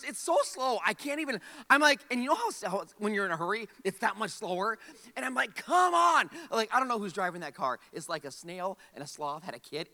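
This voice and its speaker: A man in his forties preaching a humorous sermon, telling a story with comic frustration and quick asides to the audience. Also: high-pitched, bright, forceful tone, in a large hall. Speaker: pastor. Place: large church hall.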